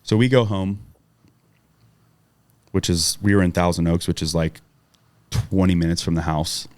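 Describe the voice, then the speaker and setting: Deep-voiced man telling a profane story. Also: moderate pace. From Southern California. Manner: profane, animated, acts out quotes loudly. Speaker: podcast guest. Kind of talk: casual storytelling.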